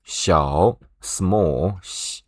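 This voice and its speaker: A Chinese language teacher with a deep, husky voice guides learners through an online lesson at a slow, step-by-step pace, using plenty of fillers and "right?". The sound is dry and close, with no room sound.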